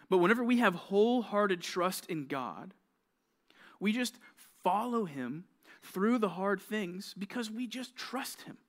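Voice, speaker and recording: A young adult man giving a youth sermon to junior high students, telling a story in a conversational, animated way and acting out the quoted lines.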